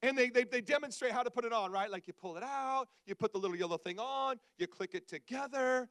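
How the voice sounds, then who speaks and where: A man preaching to his congregation, telling self-mocking stories in an animated, conversational way. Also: very high voice, fairly quick, hardly any pauses, dry recording. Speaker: pastor. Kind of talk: humorous storytelling sermon. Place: church service before a congregation.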